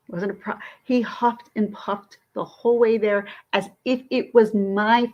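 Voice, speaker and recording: A woman vlogger telling a story in a casual, indignant and animated way. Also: medium pitch, lo-fi sound. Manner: indignant, animated, quick talk.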